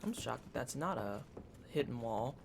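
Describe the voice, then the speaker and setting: A man's voice: mid-range voice, animated, normal speed. A man streaming a game, chatting casually with his chat and reacting aloud as he plays. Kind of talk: casual gameplay commentary. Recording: clear background noise.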